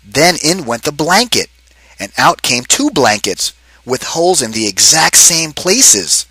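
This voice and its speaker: A man reads a picture book aloud to children, his voice bright and forward, swinging up and down in pitch as he tells the tale. He turns often to talk right to the kids, and the sound is close and dry with no room around it. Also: a little slow, slightly rough, no room sound, rough recording. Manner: expressive, talks straight to the children. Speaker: children's read-aloud narrator. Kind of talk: storybook read-aloud for kids.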